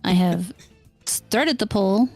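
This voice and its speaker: Woman, podcast co-host, dry brisk delivery, creaky voice, music underneath. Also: medium pitch, a little mellow. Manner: dry, brisk, keeps things moving. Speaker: podcast co-host reading questions. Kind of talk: casual podcast chat.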